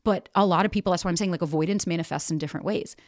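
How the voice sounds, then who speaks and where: A woman with a fairly low voice speaks on a podcast in a frank, emphatic way and swears freely. Her voice is close to a podcast mic and sounds dry. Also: racing, dry recording. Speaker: podcast host and dating coach. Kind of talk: candid podcast monologue.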